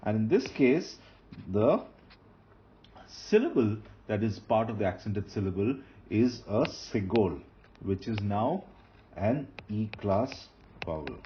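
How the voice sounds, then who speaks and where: A man with a fairly low, sing-song voice teaches Hebrew grammar slowly while writing on a board, patiently repeating key terms and restarting phrases. The recording is dull and lo-fi with faint noise.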